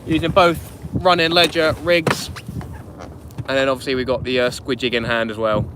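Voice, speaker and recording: A man's voice: mid-range voice, fairly even intonation, moderate pace. Chatty man on a windy boat. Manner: chatty, greets viewers by name. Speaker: fishing channel host. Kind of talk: live-streamed fishing chat. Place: small inflatable boat on a harbour at night, outdoors. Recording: wind noise on an open boat. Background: wind and water.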